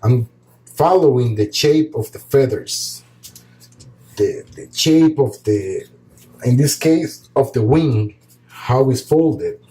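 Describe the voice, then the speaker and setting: A man calmly explaining a painting tutorial step by step as he works, pausing often with short fillers. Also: mid-range voice, rough recording. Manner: calm, relaxed explaining while painting, with pauses and fillers. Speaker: art teacher.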